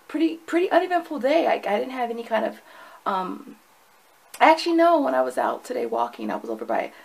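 A woman's voice: medium pitch, gravelly, poor audio. A woman recording a casual video diary at home, chatty and rambling, with many fillers and restarts. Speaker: vlogger.

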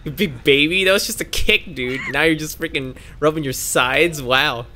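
A man's voice: on the high side, moderate pace, a little hiss or hum. A young man casually commenting on a co-op game, laughing, swearing and yelping whenever his character gets hit. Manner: laughing, excitable, swears, yelps when hit. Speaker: co-op gameplay streamer.

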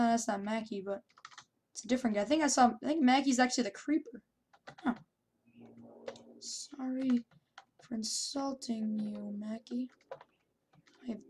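A young woman commenting on her own gameplay, shouting taunts in bursts and then muttering to herself. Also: fairly high pitch, slight background noise. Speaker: gameplay YouTuber.

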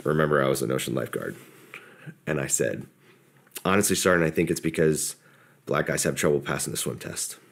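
A middle-aged man with a very low voice tells a story in a relaxed, casual way. He pokes fun at himself and acts out the lines of the people in it. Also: brisk, vocal fry, long pauses, breathy edge. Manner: relaxed, self-deprecating, quotes others in their voices. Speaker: podcast guest, former soldier.

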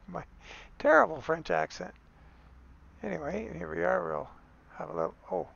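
Gravelly, rambling man with a slightly high voice. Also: moderate pace, long pauses, fairly bright tone, muffled recording. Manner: rambling and self-correcting, chuckles often. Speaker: game tutorial host. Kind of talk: casual screen-recorded game tutorial.

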